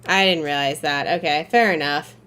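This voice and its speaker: A young woman streaming a game, chatting casually to her viewers and swearing, with loud flare-ups whenever the game frustrates her. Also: deep voice, normal speed, smooth. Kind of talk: live gameplay commentary.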